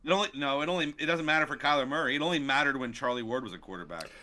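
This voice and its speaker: A man's voice: mid-range voice, rapid-fire, pushed and bright. A man co-hosting a sports podcast in casual chat, laid-back and analytical, with frequent ums. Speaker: podcast co-host.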